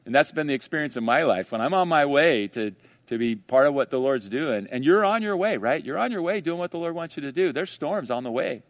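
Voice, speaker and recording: Guy preaching, chatty, slows way down to drive points home, dry close mic. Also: a little high, expressive, dry recording. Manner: conversational preaching, rising for emphasis, slows on key phrases. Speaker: pastor. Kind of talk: sermon.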